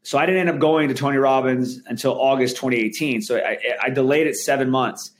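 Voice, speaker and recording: A man's voice: medium pitch, fast. Earnest man telling his story. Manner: earnest, emphatic, frequent restarts. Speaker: guest. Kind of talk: candid interview conversation.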